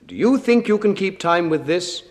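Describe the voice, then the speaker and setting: Lively, teasing man leading children's games. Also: sits high. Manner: playful, teasing and brisk in patter. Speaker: playmate and game leader on a children's record. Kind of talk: children's record, spoken games and tongue twisters.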